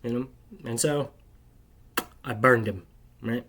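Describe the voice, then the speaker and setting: A man's voice: mid-range voice, slow pace, fairly bright tone, slight background noise. A man telling a rambling, bitter personal story to camera, agitated and constantly tagging his sentences with "right?". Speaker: video creator.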